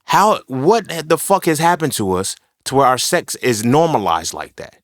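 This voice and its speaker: A man's voice: mid-range voice, sing-song, normal speed, dry recording, clean studio sound. A man hosting a podcast, talking alone in a casual, rambling, profane and emphatic way, often checking in with "you feel me". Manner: frequent 'you feel me' asides. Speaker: podcast host. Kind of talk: casual solo monologue.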